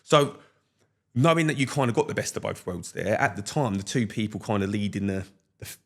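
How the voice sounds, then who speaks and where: Fast-talking young man, animated. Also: fairly low pitch, vocal fry. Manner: animated storyteller, slangy, laughs often. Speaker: podcast guest. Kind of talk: casual chat.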